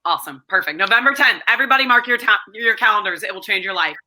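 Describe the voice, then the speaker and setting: A woman's voice: mid-range voice, lively intonation, fast, bright, forceful tone. A woman hosting an interview, enthusiastic and upbeat. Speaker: host.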